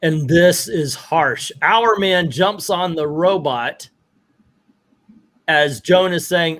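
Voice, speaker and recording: A man's voice: on the high side, slow. A man hosting a comic book video in casual chat, retelling a story and reading the dialogue aloud with rising emphasis. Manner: animated, reads quotes with rising emphasis.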